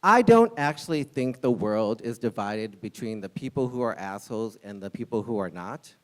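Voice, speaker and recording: A man in his forties, a longtime restaurant server, telling a live personal story with a candid, wry comic delivery and sharp punchlines. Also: fairly low pitch, animated, moderate pace.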